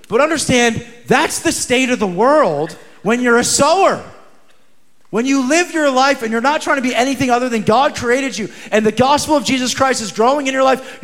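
A man in his thirties preaching a sermon in an energetic, conversational way, with slangy asides and acted-out quotes. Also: extremely high pitch. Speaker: pastor.

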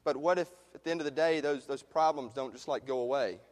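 A man preaching a sermon as pastor, passionate, rising to loud emphasis and dropping to hushed questions. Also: medium pitch, quick pace. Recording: long reverb of a large hall.

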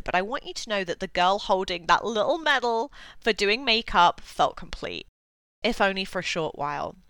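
A woman in her thirties tells her own story with lots of feeling and a voice that rises and falls freely. Her tone is bright and smooth, and she laughs often. The sound is close and dry, with no room echo. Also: lowish voice. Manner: expressive, laughs often, animated retelling. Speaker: makeup artist telling her story. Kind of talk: personal storytelling monologue.

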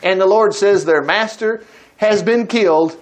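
A man's voice: sits high, a little slow. A man voicing a blunt male prophet who gives mock-cheerful and then grave answers in a story retold during a sermon.

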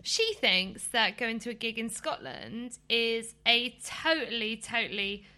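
A woman co-hosting a casual podcast, teasing and quick-witted, often laughing. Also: a little high, expressive, pushed and bright. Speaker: podcast co-host.

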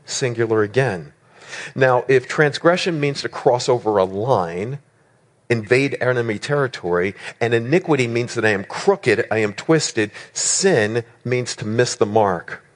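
A man preaching a sermon with a voice of middle pitch. He drives his points home with rhetorical questions and strings of words, and he rises and falls in pitch for emphasis. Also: expressive, slow pace.

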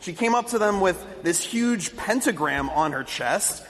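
A male preacher telling a story in an emphatic sermon. His voice sits high and swings widely in pitch. It rings in a long hall reverb. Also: animated, a little slow, fairly bright tone.

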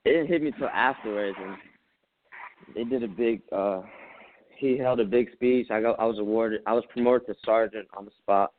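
A man, a Marine veteran, telling a story as an interview guest, animated, acting out his own quotes and laughing often. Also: on the low side, moderate pace, phone-quality sound, a little hiss or hum. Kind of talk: casual storytelling.

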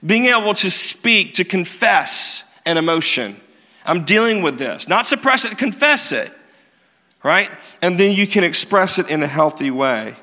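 Animated preacher man in a reverberant hall. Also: high voice, a little slow. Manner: animated, self-mocking storytelling with emphatic repeats. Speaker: pastor. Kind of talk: sermon.

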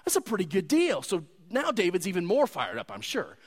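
A man preaching a sermon, retelling a story in a conversational, animated way. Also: high-pitched, fairly quick, slightly rough. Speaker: pastor.

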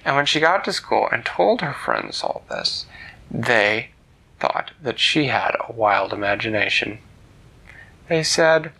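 Gravelly guy telling a kid a bedtime story, lively pitch, gentle and animated. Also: unhurried, low-quality recording.

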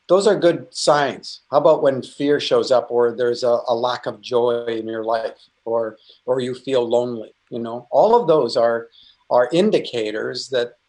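A middle-aged man teaching about faith in an earnest, conversational way, full of restarts and asides. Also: mid-range voice. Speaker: Christian speaker.

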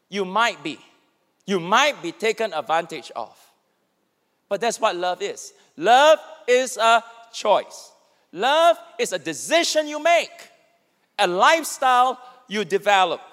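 A man's voice: high voice, unhurried, big-room sound. A man pastor preaching a sermon, acting out quoted lines as he speaks. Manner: animated, acts out quoted speech.

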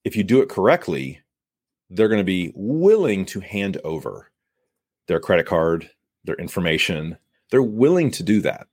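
Emphatic, low-voiced male sales coach. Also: very animated, normal speed, a little mellow, breathy edge, no room sound. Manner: emphatic, coaching, acts out buyer and seller lines. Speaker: sales podcast host. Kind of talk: solo podcast advice monologue.

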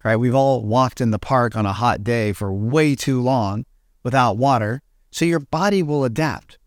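A man's voice: medium pitch, no room sound, studio quality. A man speaking as a podcast guest, coaching listeners in a motivational talk and often repeating phrases. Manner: coaching, repetitive, addresses listeners as "you guys".

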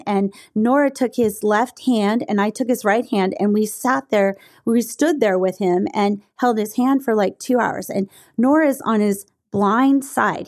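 A woman's voice: medium pitch, a little mellow. A middle-aged woman hosting a podcast, telling a personal story earnestly, with many fillers and restarts. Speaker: podcast host.

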